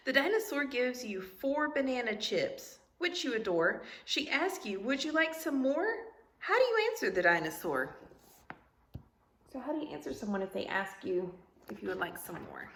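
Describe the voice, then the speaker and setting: A woman teacher reading a picture book aloud to young students, asking them questions in an animated, sing-song way. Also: on the high side, normal speed, roomy sound.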